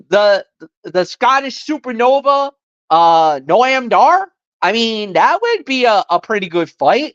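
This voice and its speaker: A woman's voice: fairly high pitch, no echo. Chatty woman with a dull, dry sound. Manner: chatty, animated, repeats words when excited. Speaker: podcast co-host. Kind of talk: casual wrestling recap chat.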